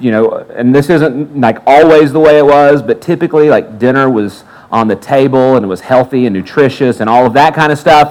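A man's voice: mid-range voice, poor audio. A man preaching a sermon, telling a personal story and acting out the other people's lines. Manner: animated storyteller acting out quotes. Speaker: pastor.

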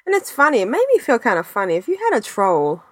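Here a podcast co-host talks fast in a mid-range voice with big swings in pitch, rambling through casual conversation peppered with fillers and laughter.

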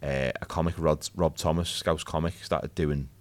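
A man's voice: rumbling low, steady tone, moderate pace. A man, co-hosting a podcast in casual, jokey, self-deprecating chat. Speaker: podcast co-host.

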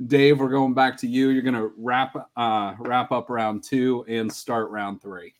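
A man's voice: mid-range voice, fairly even intonation, a little slow. Upbeat male podcast host who laughs mid-sentence and keeps the draft moving. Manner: enthusiastic, laughs while talking. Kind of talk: casual podcast chat.

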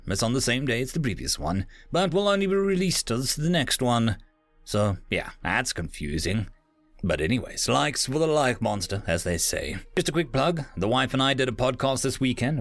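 A man narrating a first-person science fiction story with an expressive, lively delivery. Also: mid-range voice, no echo. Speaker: audiobook narrator.

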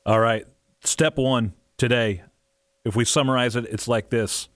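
A man's voice: medium pitch, fairly even intonation, measured pace, fairly bright tone, no echo, clean studio sound. A man hosting a radio show in an upbeat, chatty way. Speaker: radio host.

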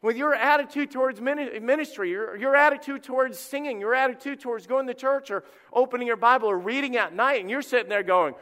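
A middle-aged man preaching a sermon as pastor, telling stories in a conversational, animated way and acting out quotes. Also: very high-pitched, fast, hardly any pauses. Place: church sanctuary. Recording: long reverb of a church hall.

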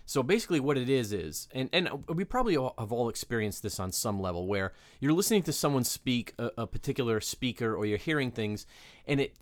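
A man's voice: medium pitch, big pitch swings, brisk, dry recording, clean studio sound. A man co-hosting a podcast, chatting casually and joking, with many fillers. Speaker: podcast co-host. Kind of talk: casual chat.

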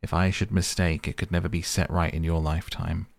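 A man doing a gruff barking coach guard. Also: deep voice, flat delivery, a little fast, dry recording. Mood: suspicious. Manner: loud, barking challenges. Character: gruff armed male coach guard, suspicious. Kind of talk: audiobook character voice.

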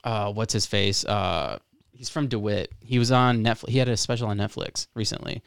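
Relaxed male interview host. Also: fairly low pitch, normal speed, creaky, smooth, dry recording, clean studio sound. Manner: relaxed, hesitant, searches for words. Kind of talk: casual interview chat.

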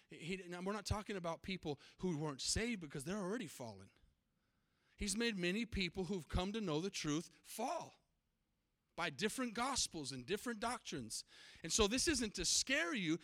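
A man's voice: high-pitched, pushed and bright, no echo. A man preaching a sermon as pastor, emphatic and often asking his congregation questions.

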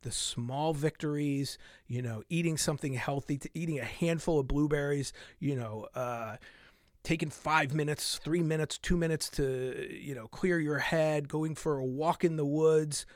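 A middle-aged man hosting a fitness podcast in a casual monologue, animated, laughing often and dropping into soft asides. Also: fairly high pitch, normal speed, no echo, clean studio sound.

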